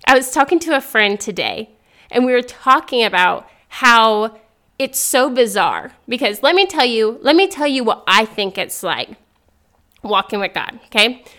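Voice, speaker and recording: Young female podcast host, faith talk, upbeat and earnest, slightly high voice. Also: normal speed. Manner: earnest, upbeat, laughs often, excitable rises.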